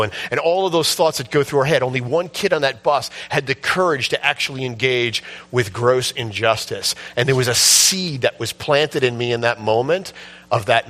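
A man preaching a sermon, telling a story with passion and building to shouts at its peak. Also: medium pitch, brisk. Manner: impassioned storytelling, rising to shouts at the climax. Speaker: pastor.

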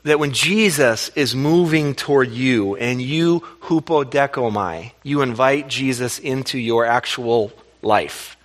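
A pastor preaching a lively sermon, asking the congregation questions and laughing along. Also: male voice, mid-range voice, measured pace, hardly any pauses.

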